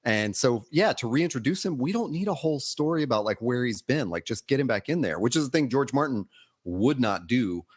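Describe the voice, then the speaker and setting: A man co-hosting a casual podcast chat, relaxed and wry as he weighs in analytically. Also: mid-range voice, brisk, breathy edge. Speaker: podcast co-host.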